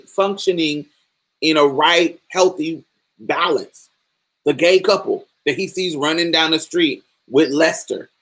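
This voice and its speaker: Her voice is lowish and husky as she hosts a podcast, chatting casually about films. She speaks emphatically, swears, and performs the characters' dialogue along the way.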